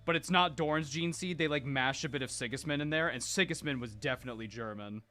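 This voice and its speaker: A man hosting a casual chat while painting miniatures, animated and joking. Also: mid-range voice, a little fast, faint music behind. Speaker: host.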